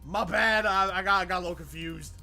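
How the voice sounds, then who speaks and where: A man's voice: high-pitched, a little fast, creaky, bright, forceful tone, soft background music. A man hosting a gaming livestream, chatting casually with viewers in a jokey, sarcastic, rambling way. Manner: jokey and sarcastic, answers chat, rambling with restarts. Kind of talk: casual livestream chat while playing.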